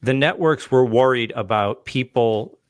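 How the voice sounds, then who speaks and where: A man's voice: medium pitch, measured pace, no echo. A man hosting an interview, asking questions in a conversational way with hesitant fillers. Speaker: podcast host. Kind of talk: casual interview talk.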